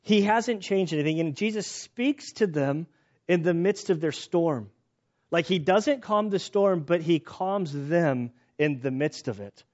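A middle-aged man gives a sermon as a loose, animated story, circling back and restarting his sentences. His voice sits a little high for a man. The recording is dull and lo-fi. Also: unhurried. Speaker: pastor.

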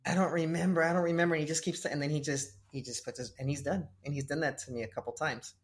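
A man who coaches tennis, chatting casually about faith and telling lively stories with acted-out voices. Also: mid-range voice, fast. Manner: animated storytelling, acts out voices of kids and God. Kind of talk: casual faith-based conversation.

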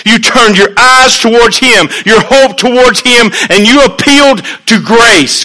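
A man preaching a sermon in an earnest, conversational way, swinging between hushed and emphatic, with folksy asides. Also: very high-pitched, expressive, unhurried, hardly any pauses, rough recording.

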